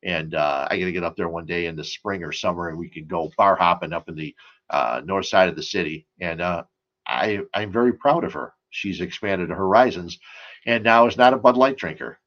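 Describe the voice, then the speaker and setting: A man's voice: low-pitched, fairly quick, fairly bright tone, lo-fi sound. A man hosting a casual sports and beer talk show, rambling and chatty, full of asides and stories.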